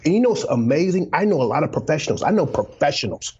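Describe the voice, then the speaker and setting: A man with a somewhat high, breathy, husky voice tells a motivational story with urgent emphasis. He repeats words as he builds, then drops to a near whisper. The recording sounds dull and lo-fi. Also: very animated, fast talker, hardly any pauses, a little mellow. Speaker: guest, former pro football player and author.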